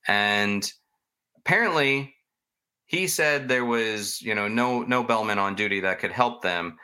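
A man's voice: lowish voice, measured pace, sharp tone, clear, resonant tone. A man hosting a podcast, casually telling ghost stories in a chatty, rambling way and poking fun at himself. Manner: chatty, rambling, self-mocking. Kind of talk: casual storytelling chat.

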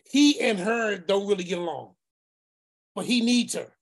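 A man telling a family story in a casual, animated way, often repeating phrases and acting out the people in it, sometimes in a preacherly tone. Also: sits high, measured pace. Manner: preacherly, speaks of faith.

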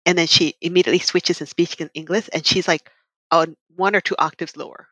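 A woman chatting on a podcast panel, lively and expressive, laughing easily. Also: fairly low pitch, fairly quick, no echo. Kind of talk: casual chat.

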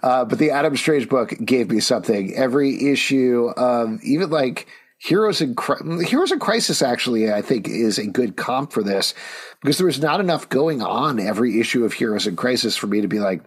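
A man co-hosting a podcast in casual chat, talking in an animated, jokey, rambling way. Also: medium pitch, a little fast, slightly rough. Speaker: podcast co-host reviewing comics.

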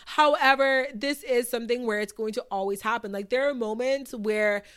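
A woman's voice: on the high side, normal speed, a bit bright, smooth. A young woman hosting a podcast in a casual, upbeat monologue, talking straight to her listeners and saying "like" often. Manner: chatty and upbeat, fond of filler "like"; encouraging, addresses listeners directly. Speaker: podcast host.

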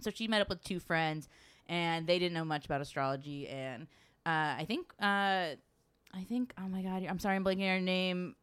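A woman's voice: lowish voice, normal speed, smooth. A woman telling a travel story in casual chat, swearing freely and acting out what people said. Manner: animated storyteller, swears freely, acts out quotes.

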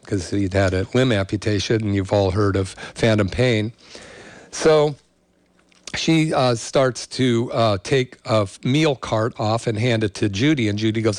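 A man's voice: lowish voice, a little slow, no echo. Man, middle-aged, health show host, rambling storyteller, dry close sound. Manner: rambling, many fillers. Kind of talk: casual storytelling.

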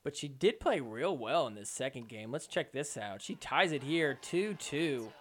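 A man hosting a podcast, recapping match highlights in a joking, excitable commentary style. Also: normal speed, a little hiss or hum. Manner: excitable, joking, mimics players in quotes.

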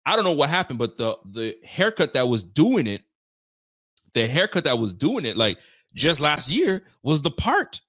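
Animated laughing male stream host. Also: a little high, normal speed, dry recording, studio quality. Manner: animated, incredulous, laughs often. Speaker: show host. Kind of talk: casual live-stream commentary.

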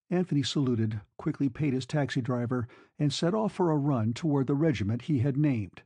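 In a mid-range voice recorded without any room sound, a man narrates a classic novel for an audiobook. His scripted reading is steady and measured.

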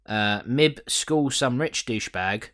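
Brief: male podcast host, bright-toned voice, sweary and laughing, loose casual recap. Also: mid-range voice, lively intonation, slow. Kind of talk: casual chat recapping a TV episode.

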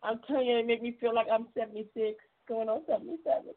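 A woman's voice: on the high side, steady tone, fast talker. Effusive woman radio host on a tinny line. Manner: effusive, encouraging, laughs often. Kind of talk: casual radio chat.

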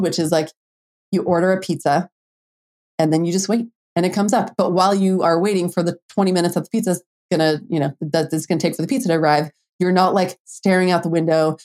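A young adult woman talking on her own podcast as a dating coach. Her voice sits a little low, and she speaks in a relaxed, chatty way full of filler words and now and then a curse. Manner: casual, chatty, lots of "like", mild swearing, playful quoted inner voices. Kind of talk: solo podcast monologue.

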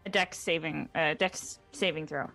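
A woman's voice: sits low, fairly even intonation, normal speed, creaky, sharp tone, faint music behind. A woman playing a tabletop game, flustered and apologetic, filling her turn with ums. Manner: flustered, apologetic, many fillers. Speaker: player.

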